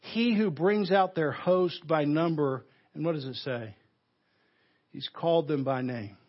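A man preaching a sermon, leaning hard on key words and then dropping to a hush, with a Southern US accent. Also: on the high side, muffled recording. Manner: emphatic preaching, swinging between loud stresses and hushed, slow phrases. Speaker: pastor. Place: church sanctuary.

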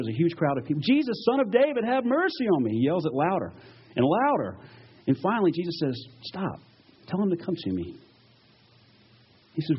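A male pastor preaching a sermon, retelling stories with lively acted-out quotes. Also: mid-range voice, husky, highs cut off. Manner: animated storytelling, acts out quoted voices.

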